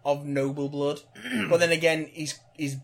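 A man co-hosting a casual podcast chat about film casting, playful and quick with jokes. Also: a little high, fairly even intonation, creaky. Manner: playful, riffs in put-on voices. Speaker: podcast co-host.

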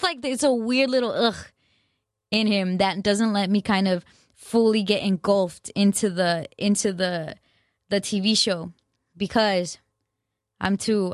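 Talking to the camera in a mid-range voice, a young female vlogger rambles casually, mocks herself, drops plenty of slang and keeps restarting her sentences. The audio is studio-clean and echo-free.

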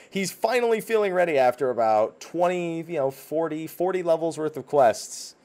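A podcast co-host with a higher, animated voice recaps a video game's story at a moderate pace. He chats casually and swears freely as he retells it.

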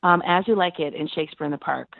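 Woman, middle-aged, conversational interview, gravelly, dry phone-like audio. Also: quick pace, dry recording. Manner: animated, acts out quoted dialogue with big pitch jumps. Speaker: actress guest. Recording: tinny phone-like line.

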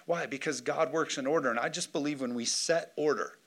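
A man pastor preaching a sermon in a church, lively and joking, calling on the congregation for amens. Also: fairly high pitch, a little fast. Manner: lively preaching with jokes and call-and-response. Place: church sanctuary.

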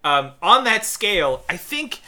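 Bright-voiced man ranting on a podcast. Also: high voice, measured pace. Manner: animated, ranting, laughs between words. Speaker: podcast co-host. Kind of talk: casual podcast chat.

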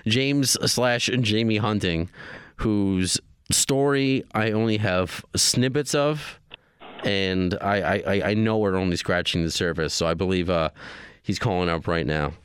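A man's voice: low voice, measured pace, clean tone, dry recording, clean studio sound. A man hosting a podcast in a casual chat, asking questions as a friendly, enthusiastic interviewer. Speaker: podcast host.

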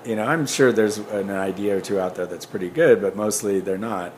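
A man in casual podcast chat, laid-back, laughing along and adding quick asides. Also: fairly low pitch, background noise.

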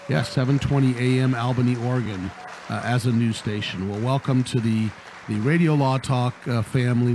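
A man's voice: medium pitch, darkish tone. A middle-aged man hosting a radio law talk show, chatting casually with restarts and teasing his co-host. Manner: rambling, restarts, chuckling teasing.

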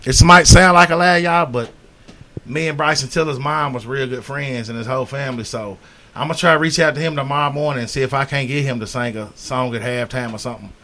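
A middle-aged man talking earnestly on a radio show, urging listeners and swinging from loud appeals to quiet, low moments. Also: fast talker. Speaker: community organizer and guest. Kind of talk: heartfelt radio talk.

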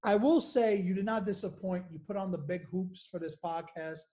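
A woman's voice: on the low side, normal speed, warm tone. Easygoing podcast host woman. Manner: casual, hesitant, uses like and you know. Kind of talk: casual podcast interview.

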